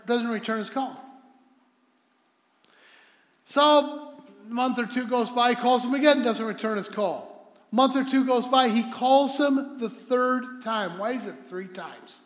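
A man preaching to a congregation as a visiting speaker, telling stories with animated emphasis and leading prayer. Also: very high voice. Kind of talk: sermon with storytelling and prayer. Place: church sanctuary. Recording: echoey hall sound.

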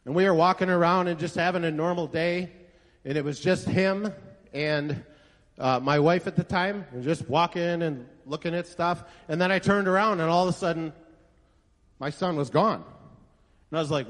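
A man's voice: sits high, a little fast, fairly bright tone. A male pastor preaching a sermon to a congregation, telling a story and asking rhetorical questions with emphasis. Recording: echoey hall reverb.

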